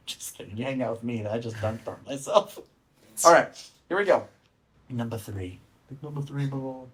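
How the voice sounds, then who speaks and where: A young man hosting a casual podcast, playful and quick to laugh at himself. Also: mid-range voice, lively intonation. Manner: playful, laughs often, self-mocking. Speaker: podcast host.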